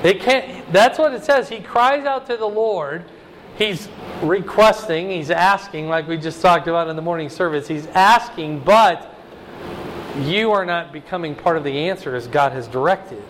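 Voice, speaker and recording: High-voiced pastor teaching scripture. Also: male voice, normal speed, fairly bright tone, slight background noise. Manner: conversational, checks in with "okay?". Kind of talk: verse-by-verse Bible teaching.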